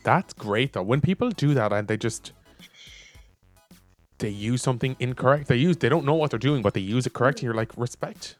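A man co-hosting a casual chat show, reading out funny text messages in a playful, animated way and laughing often. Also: mid-range voice, fairly quick, faint music behind. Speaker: podcast co-host.

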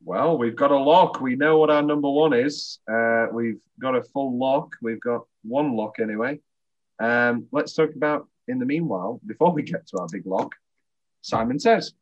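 A man's voice: medium pitch, moderate pace, dull audio. A man hosting a podcast, chatting enthusiastically and laughing often. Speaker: podcast host. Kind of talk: casual chat.

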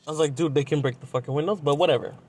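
Young man, slightly high voice, profane casual storytelling, podcast host. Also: racing, darkish tone. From Southern California. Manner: profane, blunt, with lots of "like".

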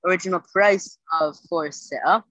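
Translating the daily Talmud page line by line after reading it aloud, a podcast host stumbles along with fillers and self-corrections, yawning and sleepy. The medium-pitched voice is a bit bright, with no echo, though the recording is muffled.

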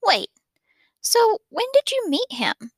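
A woman reading the part of a shy, anxious young boy in a soft, half-whispered voice. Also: very high voice, sing-song, slow pace, no echo, clean studio sound, pitched above the performer's own voice, heavily acted. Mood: anxious, pleading.

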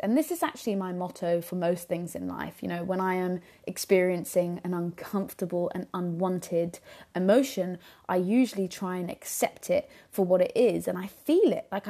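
Mellow-voiced woman hosting a podcast. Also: lowish voice. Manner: earnest, reflective, often says "you know". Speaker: podcast host. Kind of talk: solo podcast talk. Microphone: podcast microphone.

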